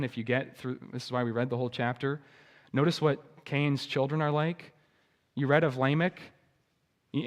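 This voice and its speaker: Pastor guy, fairly high voice, preaching to the congregation and the kids, gets loud on the big points. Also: long reverb tail. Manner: swings from quiet to loud emphatic preaching; addresses children in the congregation. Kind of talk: sermon. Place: church sanctuary.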